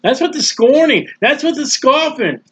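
High-voiced, animated joking preacher. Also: male voice, moderate pace. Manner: animated, jokey, acts out scenes. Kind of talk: sermon. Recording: dull lo-fi sound.

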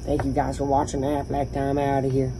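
A man giving an animated, opinionated sports rant straight to his viewers. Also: medium pitch, a little fast, noisy background. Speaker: YouTuber. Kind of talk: casual sports rant to camera.

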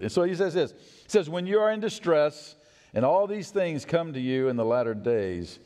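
Animated preacher in a reverberant sanctuary. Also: male voice, mid-range voice. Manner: animated preaching, swinging from loud to hushed. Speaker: pastor. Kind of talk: sermon. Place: church sanctuary. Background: congregation responses.

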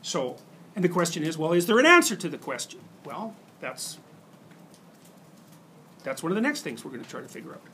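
A man's voice: a little high, very animated, fairly quick, pauses often, background noise. A middle-aged man giving a university lecture, talking conversationally and acting out examples with quoted inner voices. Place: lecture hall.

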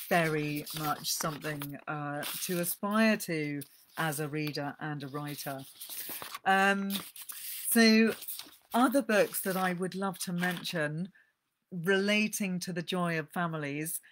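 A woman's voice: low voice, fairly bright tone, slight background noise. A woman giving an enthusiastic, chatty talk on books to a live audience. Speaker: speaker giving a book talk.

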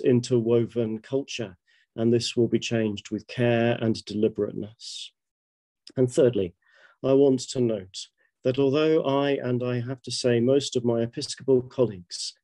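Warm-voiced British bishop in his fifties. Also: medium pitch, no echo. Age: 50s. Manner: measured, reflective, anecdotal. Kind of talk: prepared webinar talk.

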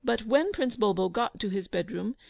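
A woman narrating a children's audiobook with measured, expressive storytelling. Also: mid-range voice, vocal fry, dry recording.

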